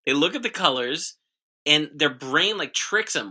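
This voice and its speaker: A man's voice: on the high side, lively intonation, a little slow, bright, forceful tone, husky. A man co-hosting a comedy podcast, reading out news items in casual banter with a dry, sarcastic delivery.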